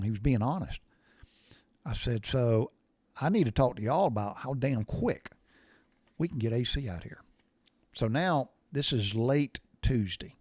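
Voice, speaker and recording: A man's voice: lowish voice, darkish tone, no echo. Folksy man telling a blunt story. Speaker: podcast host. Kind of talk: casual storytelling.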